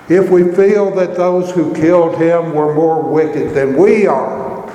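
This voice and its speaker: A man preaching a sermon, telling the story in a slow, measured way. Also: high-pitched, a little mellow, reverberant, in a large hall, poor audio.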